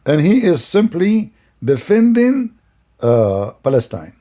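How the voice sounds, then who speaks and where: A man's voice: high-pitched, wildly swooping pitch, slow pace, dark tone. A man giving sarcastic, scornful commentary on a video, laughing often as he mocks it.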